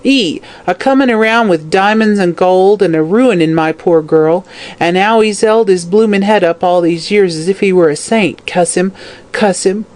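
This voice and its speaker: Narrator doing a croaking old slum hag. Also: medium pitch, moderate pace, darkish tone, pitched above the performer's own voice, lightly acted. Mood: furious. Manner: snarling, cursing, whining. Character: dying old drunken slum woman, vicious. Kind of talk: audiobook character voice.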